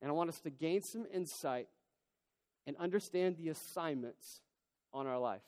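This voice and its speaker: A man preaching a sermon in a large church hall, telling a personal story in an animated, conversational way. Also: a little high, normal speed. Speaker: pastor. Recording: long hall reverb.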